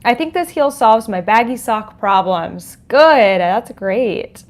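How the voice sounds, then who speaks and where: A woman hosts a livestream podcast from home with a dog nearby, greeting viewers and reading chat comments aloud between frequent laughs. Her bubbly voice is a little high with lively intonation, and she takes things slowly. She speaks into a desk microphone.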